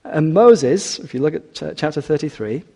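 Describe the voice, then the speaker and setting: A man preaching a sermon, expressive, rising for emphasis and dropping quiet for scripture. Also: fairly high pitch, moderate pace, gravelly, big-room sound.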